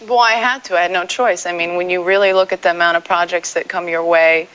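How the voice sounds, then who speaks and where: A woman's voice: on the low side, steady tone, fast, fairly bright tone, clear, resonant tone. A woman in her twenties from South Africa, Afrikaans her first language, chatting candidly and lightly as a talk show guest. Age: 20s. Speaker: guest actress. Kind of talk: casual interview chat. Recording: dull archival TV audio.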